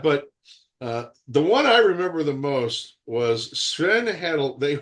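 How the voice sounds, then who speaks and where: A man in his sixties, an actor being interviewed over a video call, telling stories in a rambling, animated way and laughing often. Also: fairly high pitch, slow.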